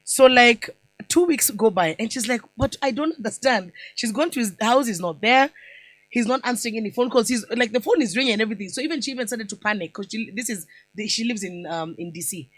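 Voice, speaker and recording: A woman hosting a radio show in a studio, telling a story in a lively, animated way and mixing Swahili and slang into casual chat. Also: fairly high pitch, fast, rough recording. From Kenya.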